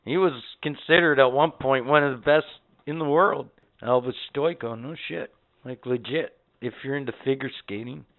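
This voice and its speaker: A man's voice: mid-range voice, moderate pace. A man telling rambling, profane stories as a podcast co-host in casual chat. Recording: tinny phone-like audio.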